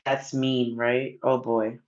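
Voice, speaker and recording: A woman's voice: very deep voice, level tone, slow pace, darkish tone, lo-fi sound. A woman hosting a casual livestream, reading viewer comments and giving card readings in a teasing, coaxing, playfully pushy way.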